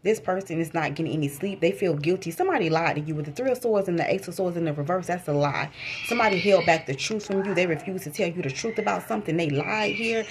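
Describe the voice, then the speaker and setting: A woman's voice: fairly low pitch, fast talker, background noise. A woman giving a casual tarot reading to her viewers, slangy and repetitive, talking straight to them. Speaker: tarot reader.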